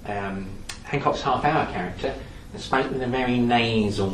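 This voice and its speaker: A man giving a lively, anecdotal talk in a lecture-style storytelling manner. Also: medium pitch, normal speed. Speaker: speaker on theatre history. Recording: echoey room from some distance, faint background noise.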